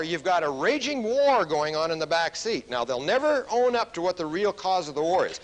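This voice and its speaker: A military officer giving a stress management lecture to a group, telling stories and asking the audience questions. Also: male voice, fairly high pitch, normal speed, few pauses, poor audio. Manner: animated storyteller who asks the audience questions.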